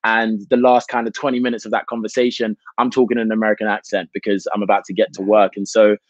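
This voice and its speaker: A British man, an actor, talking through his craft at length in a relaxed interview, with frequent "you know" fillers. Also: fairly low pitch, fast, dry recording, dull audio. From United Kingdom. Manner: expansive, reflective, many "you know" fillers. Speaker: actor, guest. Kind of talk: casual interview chat.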